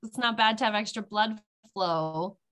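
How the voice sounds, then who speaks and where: A woman talking casually and with passion on a podcast panel, laughing often and speeding up in quick bursts. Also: medium pitch, fairly bright tone. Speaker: cannabis advocate guest.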